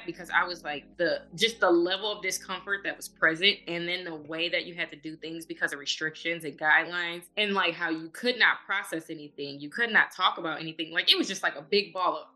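A woman's voice: lowish voice, brisk, few pauses, pushed and bright, soft background music. A woman hosting a podcast in a casual, candid way, using "like" again and again. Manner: casual and candid, heavy use of "like". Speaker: podcast host. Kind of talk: conversational podcast interview.

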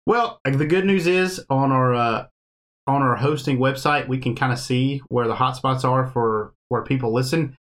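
A man hosting a podcast in easygoing chat, his voice sitting at an ordinary middle pitch. He rambles from point to point, loose and friendly in rhythm, and often breaks into laughter. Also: moderate pace, a bit bright. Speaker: podcast host.

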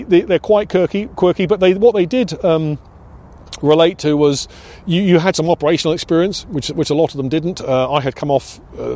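A man's voice: a little high, darkish tone. Older British man recalling flying days. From United Kingdom. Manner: reflective, many restarts and hesitations. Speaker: interviewee, former RAF pilot instructor. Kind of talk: oral history interview.

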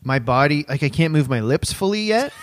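Lively, higher-voiced male podcast co-host. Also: a little fast, slight background noise. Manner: animated, chatty and self-revealing. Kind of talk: casual podcast chat.

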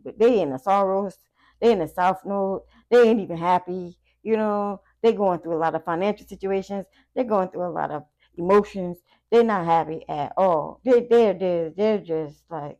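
A woman giving a casual tarot reading to her viewers, talking in a chatty, profane way with animated asides. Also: on the low side. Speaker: tarot reader.

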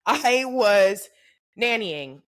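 Bright-voiced woman telling a profane story. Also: medium pitch, extremely slow. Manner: animated, profane storytelling with acted-out quotes. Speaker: podcast co-host. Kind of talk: casual chat.

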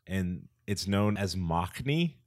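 A man co-hosting a casual movie chat, animated and quick to laugh and ask questions. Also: sits low, dry recording, studio quality. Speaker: podcast co-host.

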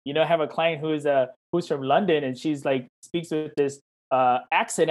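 A man's voice: on the high side, fairly quick, few pauses. Encouraging male coach on a video call. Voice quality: warm, encouraging, talks in questions and quoted dialogue. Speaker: certified life coach. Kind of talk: interview answers, casual chat.

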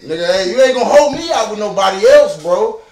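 A man telling an animated, profane story in casual chat as a podcast co-host. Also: high-pitched, fast talker, roomy sound, distant mic.

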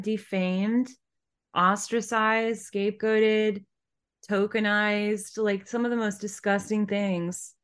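A woman co-hosting a podcast in casual chat, supportive and animated, laughing often. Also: medium pitch. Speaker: podcast co-host.

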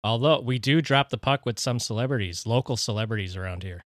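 A man's voice: medium pitch, fast, no room sound, studio quality. A man from Minnesota co-hosting a podcast, laid-back and wry, swearing casually in banter. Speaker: podcast co-host.

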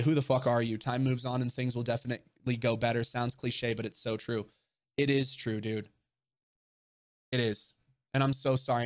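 A young man hosting a livestream, answering viewer questions in casual, earnest chat, emotional and swearing casually. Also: medium pitch.

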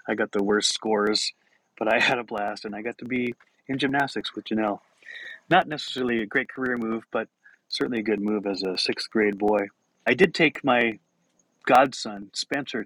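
A man's voice: lowish voice, fairly bright tone, rough recording. A middle-aged man hosting a podcast, telling self-mocking stories and laughing through them. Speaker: podcast host. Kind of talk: storytelling monologue.

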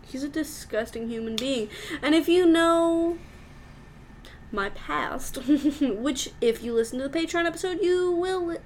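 A young woman from Arkansas co-hosts a casual podcast, blunt and profane and quick to laugh. Her voice sits a little high. Faint noise hums under the recording. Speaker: podcast co-host.

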